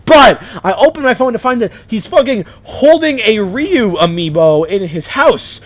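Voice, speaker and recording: A young man from Vermont rambling and swearing through a casual game commentary, self-deprecating and quick to laugh. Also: high-pitched, expressive. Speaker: let's play commentator.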